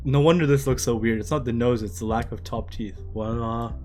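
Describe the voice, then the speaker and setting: A man's voice: mid-range voice, a little mellow. Chatty male streamer reading manga aloud. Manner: laughs often, mixes Japanese lines with quick English translations.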